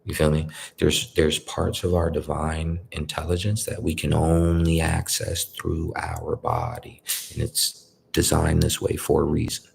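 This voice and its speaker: A man's voice: extremely low pitch, measured pace, gravelly, slightly rough. A man giving a casual spiritual talk, conversational and repetitive, often checking in with "you feel me". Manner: conversational, repeats "you feel me", colloquial grammar. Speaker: spiritual speaker.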